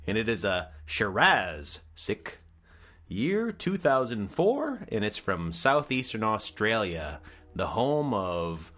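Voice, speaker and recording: A man's voice: on the low side, a bit bright. A man casually reviewing cheap wines, with a dry, wry and sarcastic manner. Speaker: wine reviewer.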